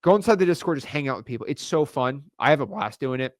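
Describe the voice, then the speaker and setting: A young man coaching real estate wholesaling in an energetic online course style, hyped and slangy with rapid repeated words. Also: medium pitch, no room sound, studio quality.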